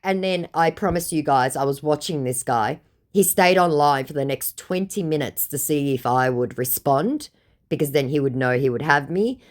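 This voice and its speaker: Sarcastic woman host, lively low voice. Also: moderate pace. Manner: dry, mocking asides. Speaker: scam-baiting channel host. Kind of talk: sarcastic commentary on chat screenshots.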